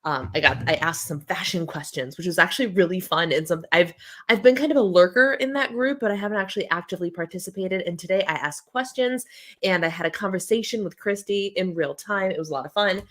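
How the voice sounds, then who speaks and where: A woman's voice: lowish voice, fast, fairly bright tone. A woman in her thirties hosting a casual live-stream chat from home, with a scratchy throat, chatty as she reads out viewer comments and answers them. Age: 30s. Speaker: host.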